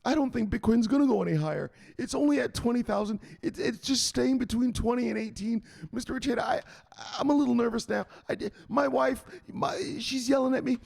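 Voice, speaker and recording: A man's voice: extremely high pitch, fairly quick, gravelly, a little mellow, pitched above the performer's own voice, exaggerated voice. A man playing a nervous male investor in a comic skit, pleading and stammering.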